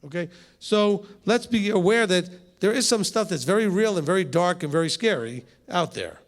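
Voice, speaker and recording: A man's voice: high-pitched, expressive, moderate pace. A rabbi leading a conversational Bible teaching session with a group, asking rhetorical questions and teasing his listeners. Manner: talks straight to the room, rhetorical questions, teasing asides.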